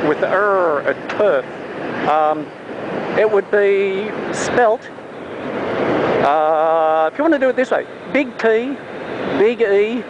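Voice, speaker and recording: Australian man, casual jokey tutor, recorded in a car, dull lo-fi sound. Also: sits high. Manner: chatty, self-mocking, drawn-out demonstration words. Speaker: vlogger teaching Australian pronunciation. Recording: muffled with loud traffic noise.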